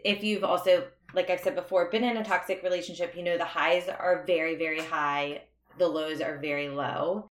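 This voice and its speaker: A woman's voice: sits low, a bit bright. A young adult woman telling her own story as a podcast guest, earnest and reflective, laughing now and then between remarks. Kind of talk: candid personal storytelling. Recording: roomy echo.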